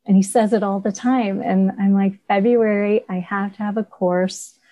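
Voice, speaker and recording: A woman artist on a video coaching call, telling her story in an earnest, animated way. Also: medium pitch, moderate pace, low-quality recording.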